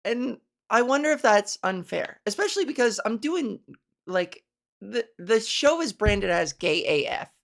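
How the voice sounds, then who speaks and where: A woman's voice: mid-range voice, big pitch swings, measured pace, gravelly. A woman comedian hosting a solo podcast, rambling and self-mocking, with lots of fillers.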